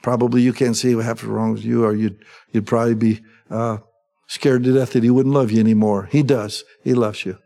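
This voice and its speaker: A middle-aged man preaching in an easy, conversational way. His voice sits at an ordinary pitch, and he keeps turning to his listeners for agreement as he teaches. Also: flat delivery, fairly quick, gravelly, warm tone. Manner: conversational, asks the congregation for agreement. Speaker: pastor. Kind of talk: sermon.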